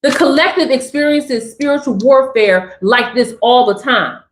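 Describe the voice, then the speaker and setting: A woman giving a spiritual message on a live stream, talking in an animated, emphatic, slangy and preachy way. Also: high voice, a little slow, slight background noise. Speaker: spiritual reader. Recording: roomy echo.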